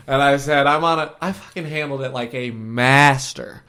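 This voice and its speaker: A man's voice: mid-range voice, moderate pace, fairly bright tone. A man co-hosting a podcast, telling a rambling, crude story in casual chat and laughing as he goes. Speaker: podcast co-host. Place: shared room with co-host.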